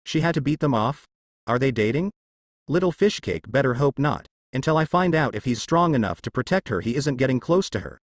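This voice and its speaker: A man voicing a gruff, overprotective father god. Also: medium pitch, expressive, brisk, no echo, lightly acted. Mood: suspicious.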